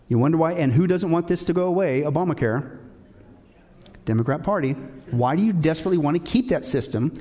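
A man's voice: on the high side, darkish tone, big-room sound. A man hosting political commentary, urgent and indignant, addressing his audience directly. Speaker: host.

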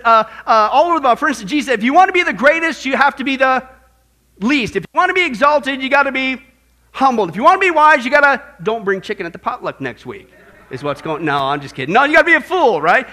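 Emphatic high-voiced male preacher. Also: sharp tone. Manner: emphatic, jokey preaching with frequent "right?" asides. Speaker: pastor. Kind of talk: sermon.

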